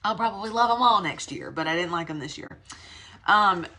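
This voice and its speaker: Chatty woman, bright voice. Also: fairly low pitch, animated, a little fast. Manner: chatty, rambling, encouraging. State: out of breath. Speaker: direct sales consultant. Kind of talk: casual team pep talk.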